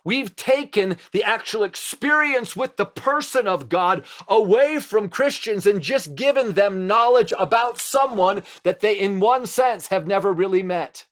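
A middle-aged man preaching a sermon, impassioned and exhorting, often turning to address his listeners directly. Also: high voice.

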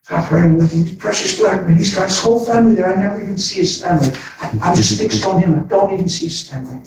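A man telling a story as a preacher, animated and excitable, often calling people "man". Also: high voice, fast talker. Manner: animated, says "man" often, sped-up bursts. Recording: echoey hall from far off, faint noise.

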